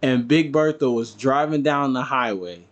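A man's voice: medium pitch, moderate pace. A man on a podcast telling a story in casual chat, acting out what family members said. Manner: animated, acts out quotes of family. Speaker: podcast co-host.

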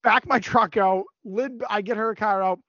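High-voiced man telling a profane story. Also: unhurried, dry recording. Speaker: podcast co-host. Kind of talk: casual storytelling. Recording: dry, dull lo-fi recording.

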